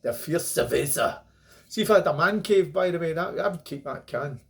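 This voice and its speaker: A middle-aged Scottish man with a slightly high voice talks quickly through a casual beer review to camera. He's chatty and rambling, dropping jokey asides along the way.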